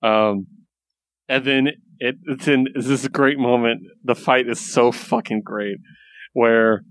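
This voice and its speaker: A man's voice: medium pitch, fairly even intonation, takes it slowly, smooth, dry recording, clean studio sound. Laughing, enthusiastic male podcast host. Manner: enthusiastic, laughs often, acts out characters' lines. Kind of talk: casual comic review chat.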